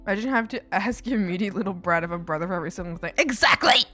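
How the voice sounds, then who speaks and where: A young Canadian woman rambles on a live stream, laughing often and swearing freely in casual chat. She talks very fast with few pauses, in a medium-pitched, sharp-toned voice, while faint music plays in the background.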